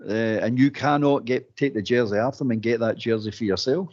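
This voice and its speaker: A Scottish man co-hosting a casual football phone-in, talking in an animated way with repeated words. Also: medium pitch, a little fast. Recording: dull lo-fi phone-in audio.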